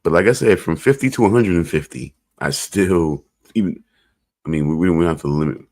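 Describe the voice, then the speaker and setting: A man with a very low voice chats loosely on a podcast. He rambles and circles back, tossing in jokes and little asides as he goes. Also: fairly quick, a little mellow. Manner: rambling, joking, repeats "I'm just saying". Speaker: podcast co-host. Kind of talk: casual chat.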